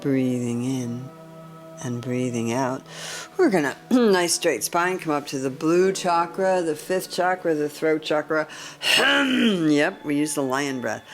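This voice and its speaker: A woman leading a guided chakra meditation in a calm, gentle way, often clearing her throat. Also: low voice, a little slow, faint music behind. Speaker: meditation teacher.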